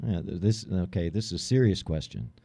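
A man with a warm, mellow voice trades deadpan, self-mocking one-liners on a comedic radio show. His pitch moves widely for punchlines. The sound is dry and close. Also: brisk, breathy edge, no room sound.

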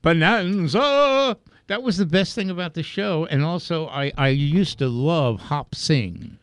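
A man's voice: fairly high pitch, unhurried, dry recording. A man co-hosting a radio show, telling stories with enthusiasm in the studio. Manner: storytelling, enthusiastic. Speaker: radio co-host. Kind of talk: casual radio chat.

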